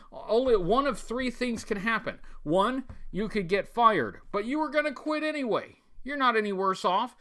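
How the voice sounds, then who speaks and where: High-voiced with a sharp tone, this livestream host runs a toy-collector stream, calling out chat viewers by name. His talk rambles, packed with fillers and restarts.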